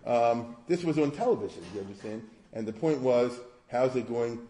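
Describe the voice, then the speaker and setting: A man's voice: mid-range voice, expressive, normal speed, dark tone, reverberant. A man giving an informal lecture in a conversational, digressive way, often asking the audience rhetorical questions. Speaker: history lecturer.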